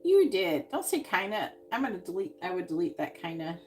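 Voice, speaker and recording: A woman's voice: fairly low pitch, sing-song, brisk, faint music behind. Woman psychic doing a tarot livestream. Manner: short, emphatic statements. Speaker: psychic reader. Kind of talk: live-stream tarot reading.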